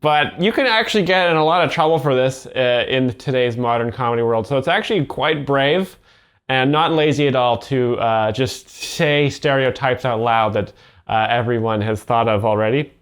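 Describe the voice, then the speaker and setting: A man giving deadpan, mock-earnest commentary on stand-up clips, halting with fillers as he explains the jokes. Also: mid-range voice. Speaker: comedy video host explaining jokes.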